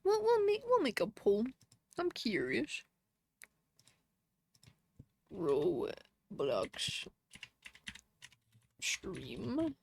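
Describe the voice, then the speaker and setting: A woman's voice: mid-range voice, wildly swooping pitch, very slow, vocal fry, long pauses, slightly rough. A woman live streamer chatting casually with her viewers, reading their comments and laughing often.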